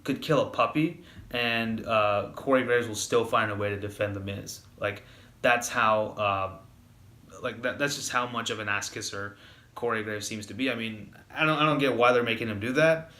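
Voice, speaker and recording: Guy rambling thru a wrestling review, lots of ums, bright voice, roomy echo. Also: fairly low pitch, normal speed. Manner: rambling, many fillers and restarts; gets heated and louder when annoyed. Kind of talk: casual spoken review.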